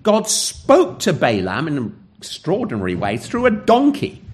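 A man preaching a sermon in an emphatic, earnest way, with dramatic pauses. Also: medium pitch, wildly swooping pitch.

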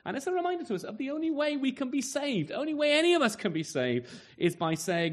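A man's voice: sing-song, fast, few pauses. A man preaching a sermon earnestly, asking rhetorical questions and letting his voice rise and fall widely. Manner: earnest, rhetorical questions, wide swings in pitch and loudness.

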